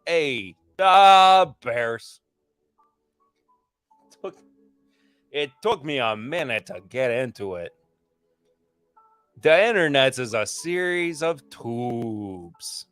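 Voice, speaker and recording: A man's voice: mid-range voice, very animated, slow pace, pauses often, a bit bright. A man hosting a casual livestream podcast, chatting enthusiastically through tasting notes and rambling with restarts. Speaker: podcast host.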